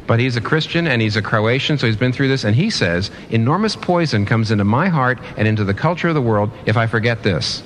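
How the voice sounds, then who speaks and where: Guy preaching a sermon, pitch swings all over, faint rumble in the back. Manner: earnest, repeats and restarts phrases, rises in pitch for emphasis.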